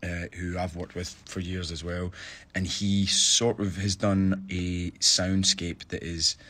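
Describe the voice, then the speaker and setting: A man's voice: low-pitched, level tone, slow, pushed and bright. A Scottish man, a stage actor, chatting casually on a phone live stream and answering fan questions, thinking aloud with restarts.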